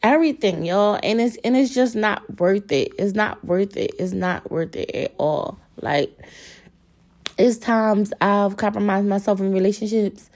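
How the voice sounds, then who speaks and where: A young woman talks straight to her listeners in a casual podcast monologue. She is blunt and profane and keeps calling out to "y'all" as she gets heated. Her pitch sits in an ordinary middle range for a woman. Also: unhurried, darkish tone. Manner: candid, profane, worked up, addresses listeners as y'all. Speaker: podcast host.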